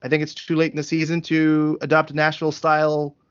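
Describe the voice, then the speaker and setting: A man's voice: fairly high pitch, completely flat delivery, a little fast, clear, resonant tone. A man hosting a casual sports podcast, talking through numbers methodically with frequent fillers. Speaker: podcast host. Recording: dull lo-fi sound.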